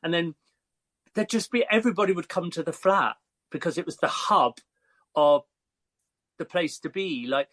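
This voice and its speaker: An English man in his fifties, a hairstylist guest telling lively, chatty stories with frequent fillers. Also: on the high side, normal speed, long pauses. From Croydon, England. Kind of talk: casual storytelling.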